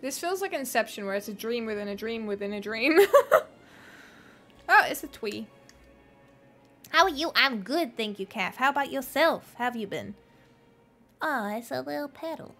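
A woman's voice: on the high side, lively intonation, fairly quick, fairly bright tone, faint music behind. A woman streaming a game, chatting playfully with viewers and swearing now and then, with an accent between British and American. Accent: mixed British and American. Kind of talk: casual gameplay commentary.

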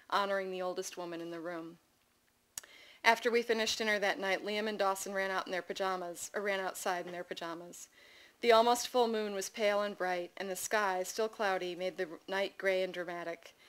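A woman's voice: mid-range voice, low-quality recording. Woman reading her memoir stories aloud. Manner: lively, amused asides to the audience. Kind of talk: live reading of personal essays. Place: festival reading event before an audience.

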